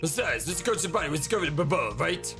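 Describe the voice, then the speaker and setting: A let's-player puts on an arrogant ambassador with a thick put-on foreign accent. He brushes off every accusation with disdain. The voice is gravelly and bounces around in pitch. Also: very animated, fast, over music. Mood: haughty. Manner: haughty, dismissive. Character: arrogant foreign male ambassador under suspicion.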